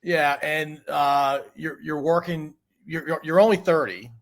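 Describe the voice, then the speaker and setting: Male podcast host, slightly higher voice, faint and distant, recapping questions. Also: a little slow. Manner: clarifying, recapping the guest's story. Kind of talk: interview questions. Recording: quiet and off-mic.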